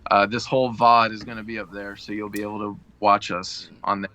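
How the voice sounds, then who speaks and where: A man co-hosting a gaming podcast, chatting in a relaxed way and laughing often. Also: lowish voice, a little fast, dull audio. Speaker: podcast co-host. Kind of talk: casual chat.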